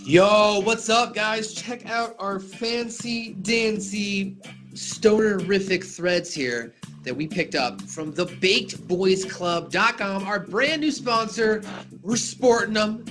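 A podcast co-host doing a casual, joking sponsor read, hyping the gear like a pitchman. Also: takes it slowly, fairly bright tone, soft background music.

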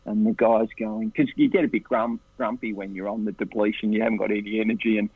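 An Australian man tells relaxed, animated anecdotes in a husky, breathy voice. The sound is thin and phone-like, heard through a tinny line. The recording is dry, with no room behind him. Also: fast talker, no echo. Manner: animated, jumps into higher voices for the people in his stories. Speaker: interview guest. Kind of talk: casual anecdotal storytelling.

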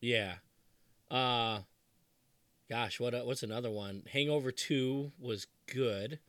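A man in his thirties co-hosting a casual podcast chat, animated and laughing often, quoting movie lines in put-on voices. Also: mid-range voice, takes it slowly, no echo. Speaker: podcast co-host.

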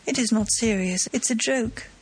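Woman reading a keen young detective guy, calming and urgent, faint music behind. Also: a little high, normal speed, close to an everyday voice. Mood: reassuring. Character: young man, eager amateur detective.

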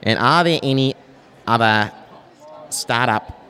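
A man's voice: medium pitch, slow, bright, forceful tone. A man putting on an exaggerated, nasal broad Australian accent to read a question at a live podcast show.

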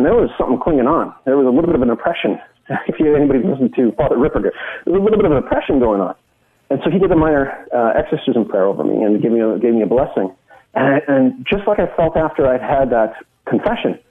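A man's voice: mid-range voice, husky. A middle-aged man from Canada, a guest giving an earnest personal testimony in conversation and retelling it with frequent restarts. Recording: tinny phone-line sound.

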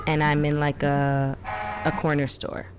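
Low-voiced Brooklyn woman, blunt and swearing. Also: measured pace, noisy background. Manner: blunt, swearing, animated storytelling. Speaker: podcast co-host. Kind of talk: casual chat.

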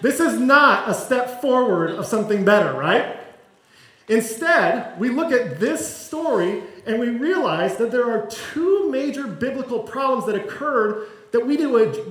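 High-voiced man preaching in an echoey room. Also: fairly bright tone. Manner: conversational and self-deprecating, with humor. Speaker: pastor. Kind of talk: sermon. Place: church sanctuary.

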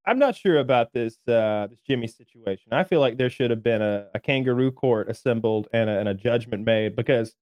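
A man's voice: medium pitch, fairly quick, few pauses, dry recording, muffled recording. A man co-hosting a casual podcast chat, joking sarcastically.

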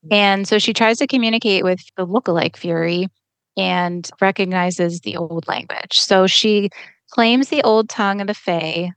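Woman podcaster recapping a book, chatty, average pitch, dry close sound. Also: moderate pace, clean tone, dry recording. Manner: recaps chapters in detail, chatty and expressive. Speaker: podcast co-host. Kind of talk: casual book podcast chat.

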